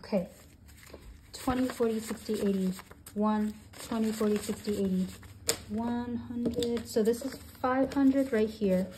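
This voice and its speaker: A woman in her twenties, a budgeting channel host, counting cash aloud and thinking out loud as she sorts it. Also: a little high, unhurried, noisy background. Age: 20s. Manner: counts bills aloud in steady runs; thinks aloud, with soft hesitations.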